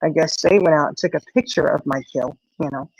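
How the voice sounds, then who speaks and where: A woman's voice: low voice, brisk, husky. A middle-aged woman chats casually on her live stream, telling a story with lots of feeling and putting on the voices of the people she quotes. The sound is dull and lo-fi, close and dry, with no room echo. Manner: animated storyteller, acts out quoted voices, frequent "you know".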